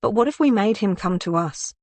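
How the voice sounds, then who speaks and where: A woman's voice: medium pitch, expressive, brisk, a little mellow, no echo. Woman narrator doing a guarded, clever young woman; short answers, dry close read. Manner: terse, defensive. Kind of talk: audiobook character reading.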